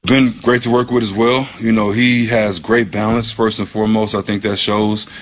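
A man, a football coach, answering interview questions in a measured way with plenty of ums and you knows. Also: fairly low pitch, flat delivery.

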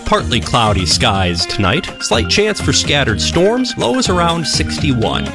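A man, a meteorologist, giving a brisk and upbeat radio weather forecast. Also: a little high, wildly swooping pitch, music in the background.

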